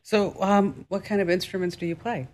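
A woman's voice: medium pitch, steady tone, normal speed, darkish tone. A woman hosting a call-in radio show, chatty and joking about herself with callers.

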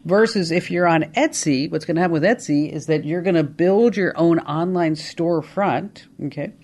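A woman hosting a call-in radio show, talking in an upbeat, chatty way with quick asides. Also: lowish voice, darkish tone. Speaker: radio talk show host.

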